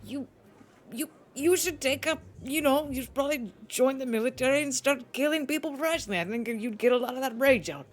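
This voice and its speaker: A woman's voice: sits high, a little fast. A woman player speaking in character in a tabletop game, awkward and dryly comic.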